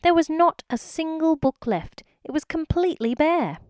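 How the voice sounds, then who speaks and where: Brief: woman storyteller, mid pitch, animated reading for kids, dry close sound. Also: normal speed, no echo. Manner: expressive, addressing the listener.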